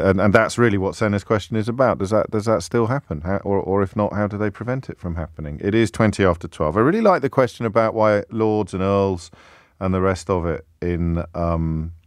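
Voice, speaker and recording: A low-pitched man hosts a radio phone-in, chatting loosely with a wry, self-mocking humour. His voice is close and dry, with no room around it. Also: no echo. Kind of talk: casual radio talk. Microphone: studio microphone.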